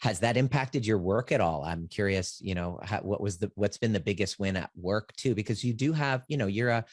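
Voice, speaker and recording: A man hosting a podcast, interviewing a client in a calm, reflective, affirming way. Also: on the low side, a little fast, no room sound, studio quality. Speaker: podcast host and coach. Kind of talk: interview and promo outro.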